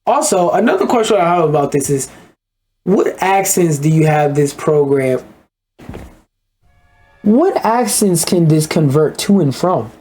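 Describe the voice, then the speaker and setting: A man's voice: on the high side, lively intonation, a little slow, pauses often, darkish tone. Man, ranting reaction commentary, blunt, profane, faint music underneath.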